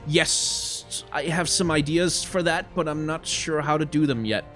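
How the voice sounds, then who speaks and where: A young man from Denmark with a faint Danish accent, chatting casually on a live stream and reading out donations, excitable and swearing freely. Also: fairly high pitch, unhurried, faint music behind.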